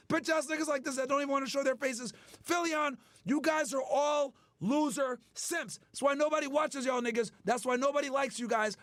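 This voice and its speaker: A man's voice: very high-pitched, fairly bright tone, no room sound. A man hosting a stream, delivering a heated, profane rant that mocks the people he talks about. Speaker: streamer host. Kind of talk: angry ranting commentary.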